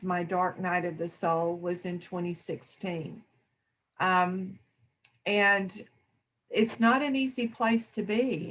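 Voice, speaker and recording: A woman speaking in a reflective spiritual discussion, slow and thoughtful. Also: medium pitch, fairly bright tone, a little hiss or hum. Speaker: discussion panelist.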